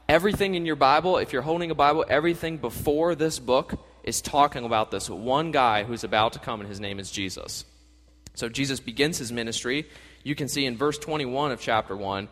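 A man giving a casual, energetic sermon as a youth pastor, talking conversationally and acting out quotes. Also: mid-range voice. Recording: long reverb of a hall.

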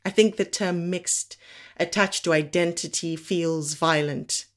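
A woman performing a spoken word monologue from Africa, with a measured, deliberate delivery and slow emphatic pauses. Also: lowish voice, steady tone.

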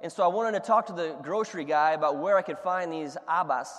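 Animated preacher with a higher voice. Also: male voice, fast, long reverb tail. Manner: animated storyteller, laughs at his own stories. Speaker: pastor. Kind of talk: sermon with humorous stories.

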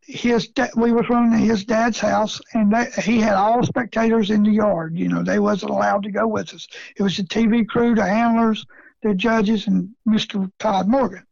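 A middle-aged man with a gravelly, creaky voice tells a story in a casual interview. His way of talking is folksy, with rural grammar and frequent chuckles. The recording is dry and close, with a dull, lo-fi sound. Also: high voice, fairly even intonation, normal speed, a little mellow, no room sound. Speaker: rabbit hunting guest.

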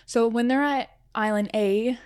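A woman's voice: fairly high pitch, steady tone, a little slow, a little mellow, clear, resonant tone, no room sound. Earnest woman podcaster, dry close sound. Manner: earnest, reflective, frequent "like" fillers. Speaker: podcast host and riding coach. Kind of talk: solo podcast monologue.

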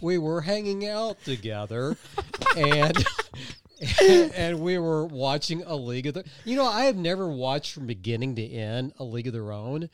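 A man's voice: on the high side, very animated, normal speed, slight background noise. A man co-hosting a podcast, rambling through stories in casual chat, laughing often and poking fun at himself. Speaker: podcast co-host.

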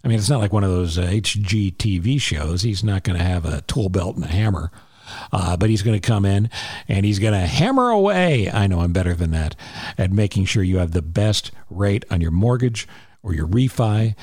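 A man's voice: deep voice, lively intonation, normal speed, darkish tone, slightly rough, dry recording, studio quality. A man hosting a podcast, reading an ad and a charity plug in a chatty, emphatic way that repeats key points. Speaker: podcast host. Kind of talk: casual podcast talk with ad read.

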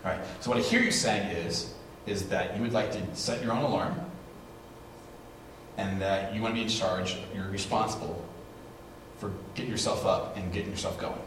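Pastor telling stories in an echoey hall. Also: male voice, low-pitched, moderate pace. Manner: animated storytelling, acts out quotes. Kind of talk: sermon with live demonstration. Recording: echoey hall, distant mic, noisy.

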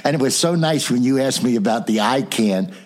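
A man's voice: medium pitch, brisk. An older man, a motivational speaker and trainer telling anecdotes in a casual interview, acting out the people in his stories. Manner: animated storyteller who acts out the voices in his anecdotes.

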